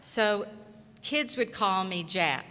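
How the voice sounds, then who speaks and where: Forceful, earnest woman in a big hall. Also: medium pitch, lively intonation. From southeast Tennessee. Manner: earnest, encouraging, speaks in short, measured phrases. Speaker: commencement speaker and college instructor. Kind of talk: graduation speech. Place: large auditorium. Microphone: podium microphone. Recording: echoey hall reverb.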